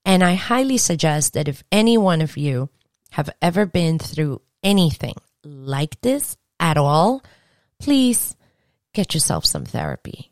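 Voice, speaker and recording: Low-voiced, lively woman podcaster. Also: measured pace, no room sound, clean studio sound. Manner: lively, earnest, rambling with restarts. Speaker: podcast host. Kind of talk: casual podcast monologue.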